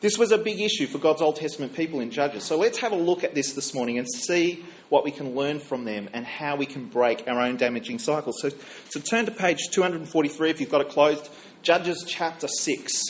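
A middle-aged male minister gives a sermon in a relaxed, storytelling way, stopping and restarting with plenty of ums. His voice sits a little high for a man. A faint hiss of the room runs under his voice. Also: a little fast. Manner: chatty storytelling with fillers and self-corrections.

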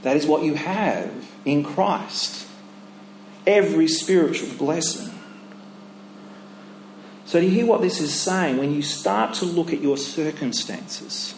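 High-voiced preacher in an echoey hall. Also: male voice, animated, measured pace, long pauses, slight background noise. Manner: emphatic, rhetorical questions, drops low for inner voices. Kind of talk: sermon. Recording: echoey hall, faint ambience.

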